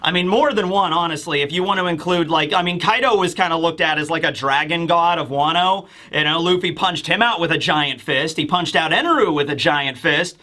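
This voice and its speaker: A man with a high, bright voice rambles through a casual comic recap. He talks in loose asides and leans heavily on fillers. The tone is informal, like a chat with viewers. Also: fairly quick, few pauses. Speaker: manga reviewer.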